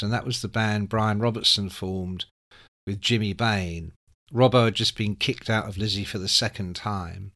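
A man in his sixties telling a long anecdote as an interview guest, acting out quotes with lots of swearing. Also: fairly low pitch. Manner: animated anecdotal storyteller, acts out quotes, sweary. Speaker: music writer guest. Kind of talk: casual storytelling.

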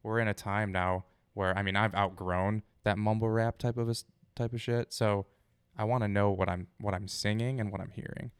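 A man with a low, smooth voice talks candidly about his songwriting, relaxed and a little profane. The sound is dry and close to the mic. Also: moderate pace, few pauses, no room sound. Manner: candid, relaxed, occasional swearing. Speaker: musician guest. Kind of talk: casual interview.

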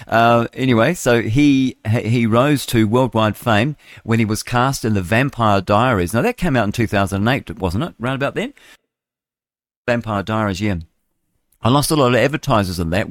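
A man's voice: lowish voice, no room sound, studio quality. An older man hosting live radio, reading the news with chatty, rambling asides. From New Zealand. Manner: chatty, digressive, chuckling asides. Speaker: radio host.

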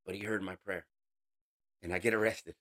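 A man giving an emotional personal testimony in an interview, earnest, calling the listener bro, voice rising high and dropping to a hush. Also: steady tone, moderate pace. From United States. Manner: swings between raised intensity and hushed quiet. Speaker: interview guest.

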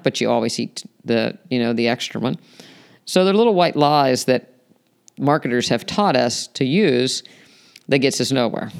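Guy podcasting about health stuff, gravelly but smooth voice, lots of "you know"s. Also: medium pitch. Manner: explanatory, conversational, many "you know" fillers. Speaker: podcast host. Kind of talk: solo health podcast talk.

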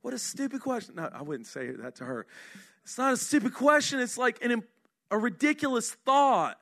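A middle-aged male pastor delivers a sermon in a bright, fairly high voice. He talks to the congregation in an earnest, conversational way, full of rhetorical questions, and drops low and quiet when he wants to press a point home. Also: sing-song, normal speed, gravelly. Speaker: senior pastor.

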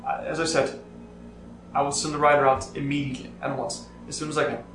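A man's voice: a little high, flat delivery, quick pace, a bit bright. A man voicing a nervous male clerk who speaks formally and apologizes often. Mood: apologetic. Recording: echoey room, mic far off, faint noise.

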